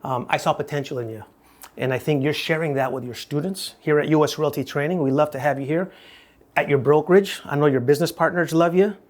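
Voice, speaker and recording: A middle-aged man hosts an interview, speaking in a folksy, colloquial way. His voice sits a little high. He asks his questions with easy warmth and a lively delivery. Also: fast. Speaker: interview host. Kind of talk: interview conversation.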